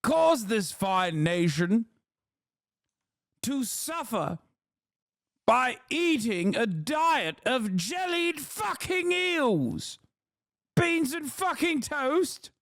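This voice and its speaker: A pompous upper-class English gentleman, as a man puts him on, his voice pitched well above normal and slow. He sounds indignant and theatrical and stretches his words out. The sound is dry and close. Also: sing-song, gravelly, no echo, heavily acted. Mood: mock-indignant. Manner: theatrical, drawn-out, mock-outraged.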